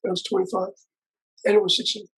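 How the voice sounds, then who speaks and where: Older male interview guest, strongly raspy voice, rambling storyteller. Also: high-pitched, monotone, fast talker, fairly bright tone, poor audio. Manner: rambling, with frequent restarts and asides. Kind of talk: conversational storytelling.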